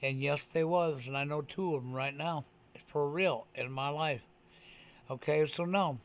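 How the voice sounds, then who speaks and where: A man's voice: fairly high pitch, unhurried. A man talking casually on a live stream, emphatic and profane, often pressing his point with "okay". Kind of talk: casual chat.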